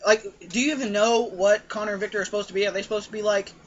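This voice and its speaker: A man's voice: sits high, steady tone, rapid-fire. A man co-hosting a casual wrestling podcast, joking and swearing in banter. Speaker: podcast co-host. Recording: dull lo-fi sound with faint noise.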